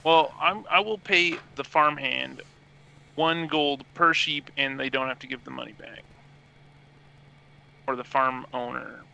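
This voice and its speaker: A man's voice: medium pitch, unhurried, creaky, long pauses, pushed and bright, lo-fi sound. A man playing a tabletop game, haggling and insistent, laughing often. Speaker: player. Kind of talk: casual tabletop play.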